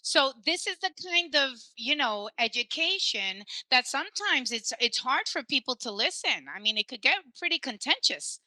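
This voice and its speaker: A woman's voice: sits high, big pitch swings, moderate pace, hardly any pauses, sharp tone, dry recording, rough recording. A woman hosting a casual podcast conversation, telling stories animatedly and dropping in Spanish phrases. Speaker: podcast host.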